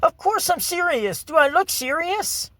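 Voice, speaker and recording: A man putting on a mocking high voice to quote an indignant young woman. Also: expressive, unhurried, bright, forceful tone, dry recording, full character voice.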